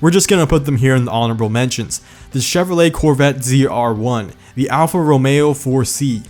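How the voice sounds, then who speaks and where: Joking man narrating with a lisp. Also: mid-range voice. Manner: joking, sarcastic asides. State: slurred lisp from medicine. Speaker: car video host. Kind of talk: scripted video narration. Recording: faint music behind.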